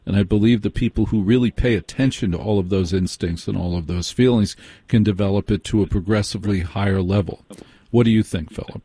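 A male late-night radio host speaks into a studio mic in a measured, emphatic way, repeating lines for effect. His voice is low, mellow and slightly husky. The sound is dry and close. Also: dry recording. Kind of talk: radio call-in show. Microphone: studio microphone.

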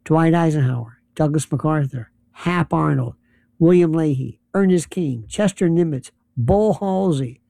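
A man's voice: a little high, measured pace, vocal fry, mellow, dry recording, studio quality. A man delivering an opinionated monologue, emphatic and full of rhetorical questions, his voice jumping up when riled. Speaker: political commentator.

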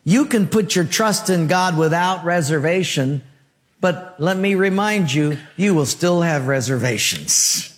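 A man's voice: on the high side, big-room sound. A male pastor preaching a sermon, using rhythmic rhyming phrases and asking the congregation questions.

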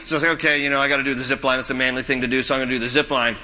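A man's voice: medium pitch, little pitch movement, rapid-fire, pushed and bright. A middle-aged male pastor preaching a conversational sermon to his congregation, repeating phrases, asking questions and telling personal stories. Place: church sanctuary. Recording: reverberant church hall.

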